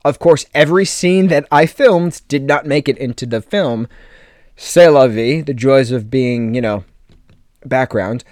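Recorded dry in a clean studio, a young adult American man with a medium, slightly mellow voice hosts a laid-back podcast. He drifts through a personal story, chatting away with plenty of fillers and quick jokey asides.

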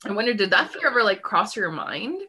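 A woman hosting a heartfelt conversation, with a bright, tense edge to her voice. She reflects aloud and asks gentle, empathetic follow-up questions, often using "like" as she thinks. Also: medium pitch, big pitch swings, brisk, husky. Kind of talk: supportive interview chat.

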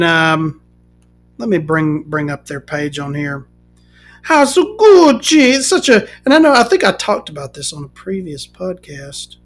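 A woman hosting a podcast, ranting casually and swearing, swinging from loud outbursts to muttering. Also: fairly low pitch. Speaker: podcast host.

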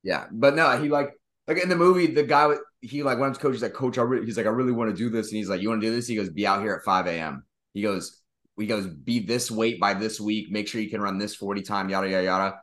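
A man's voice: on the low side, quick pace, a bit bright. A man co-hosting a podcast, telling rambling, profane sports stories and acting out quotes. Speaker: podcast co-host. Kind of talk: casual sports chat.

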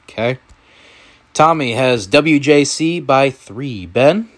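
A man hosting a casual sports picks podcast with friends, running the games in a playful, animated way. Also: medium pitch, takes it slowly. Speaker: podcast host.

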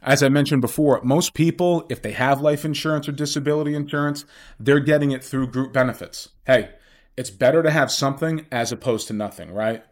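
A man's voice: mid-range voice, fairly quick. A man hosting his own podcast talks in a mid-range voice. He explains money matters step by step, like a financial planner, and keeps asking his listeners questions. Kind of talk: solo podcast monologue.

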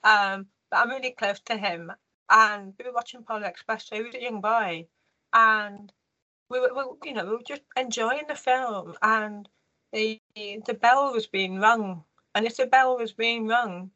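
Bright-voiced woman, earnest. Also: a little high, rough recording. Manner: earnest, emotional, halting restarts. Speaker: interview guest. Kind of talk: personal storytelling in conversation.

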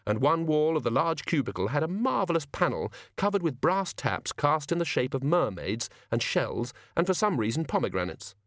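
A man narrating a comic fantasy audiobook in a wry, expressive storytelling manner. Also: mid-range voice, dry recording, studio quality. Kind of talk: scripted narration.

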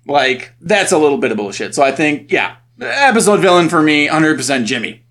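A man co-hosting a podcast from home, talking in a casual, animated way. His voice is bright and ringing, and his pitch swings widely. He swears freely and laughs easily. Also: moderate pace. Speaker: podcast co-host. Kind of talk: casual chat. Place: home recording setup.

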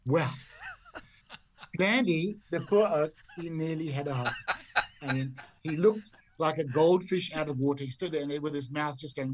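A man's voice: a little high, normal speed, no echo, rough recording. An older man from Zimbabwe, a golf commentator guesting on a podcast, telling anecdotes with relish and acting out the voices of people in his stories. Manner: lively raconteur who acts out other people's voices. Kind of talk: anecdotal storytelling.

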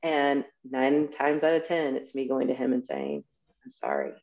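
Woman in her forties, candid podcast guest, low gravelly voice, dull lo-fi recording. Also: steady tone, moderate pace, a little mellow. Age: 40s. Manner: candid, frank and chatty. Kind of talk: casual conversation. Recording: dull lo-fi sound.

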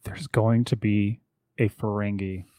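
A man co-hosting a podcast in casual chat, rambling with quick asides. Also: fairly low pitch, fairly even intonation, mellow, clean tone, no room sound, studio quality. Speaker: podcast co-host.

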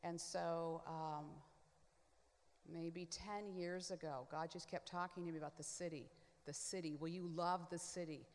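A woman guest on a panel, giving an expressive personal testimony in a chatty way, full of quick asides and filler words. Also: fairly low pitch, long reverb tail. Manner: expressive, swings from hushed to loud.

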